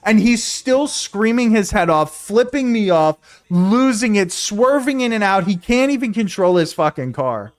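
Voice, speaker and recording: Guy streamer with a pretty high voice, rambling story to chat, swears a lot, keeps repeating himself. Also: a little slow, hardly any pauses. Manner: animated, profane, repeats himself.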